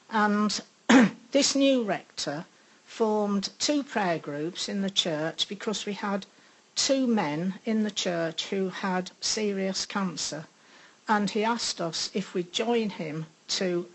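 Older lady sharing her testimony, slow and reflective, lots of ums, middle pitch. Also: rough recording. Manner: unhurried, reflective, with frequent pauses and ums. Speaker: speaker sharing a faith testimony. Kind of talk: personal testimony.

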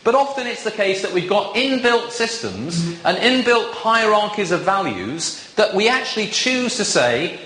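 With big pitch swings and hardly any pauses, a visiting preacher speaks at normal speed in a high, bright, forceful voice. He chats with and teases his congregation during the sermon, recorded in an echoey church with box pews.

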